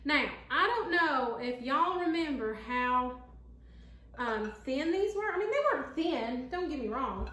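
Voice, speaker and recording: A woman's voice: sits high, lively intonation, a little slow, fairly bright tone, roomy sound. A woman with a Southern American accent, chatting folksily to viewers in a casual cooking vlog from her home kitchen. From Tennessee. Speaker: home cook.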